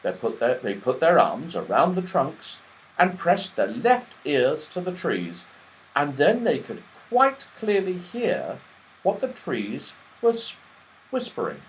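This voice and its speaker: Slow, lively-voiced male storyteller. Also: fairly high pitch, a little hiss or hum, rough recording. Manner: slow, expressive reading. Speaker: audiobook reader. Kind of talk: storybook narration.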